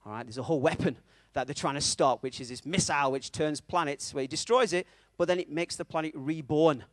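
A man's voice: on the high side, brisk, dry recording. A man preaching a conversational sermon, telling a story and checking in with his audience, with a self-mocking manner.

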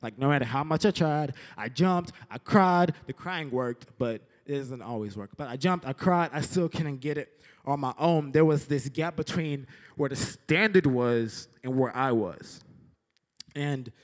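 A young man teaching a lesson through an animated story, acting out scenes with sound effects and saying "like" a lot. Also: mid-range voice, a little slow. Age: young adult. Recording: echoey hall with long reverb.

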